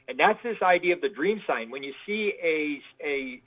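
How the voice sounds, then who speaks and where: A man's voice: on the high side, expressive, moderate pace, hardly any pauses. Rambling man on a tinny line. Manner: rambling, repeats words, acts out quoted voices. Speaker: guest researcher. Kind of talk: casual interview storytelling.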